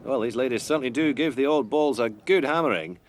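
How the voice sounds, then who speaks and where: A man's voice: medium pitch, brisk, noisy background. A man giving comic mock sports commentary, stuffy and apologetic.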